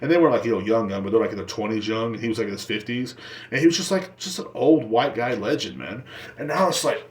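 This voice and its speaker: A young podcast host with a fairly low voice tells crude stories on his solo show, speaking animatedly and quickly. He rambles along and laughs at his own jokes.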